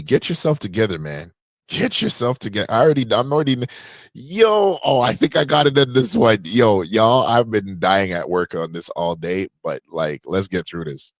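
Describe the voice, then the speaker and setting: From a home podcast room, a Canadian man hosts a livestream podcast, chatting loosely and jokingly with slang. His voice sits fairly low and the recording is dry.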